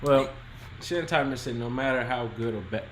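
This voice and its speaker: A man co-hosts a podcast of casual relationship advice, laid-back and colloquial as he reads out and discusses listener questions. His mid-range voice is brisk, and the rough recording has a little hiss or hum.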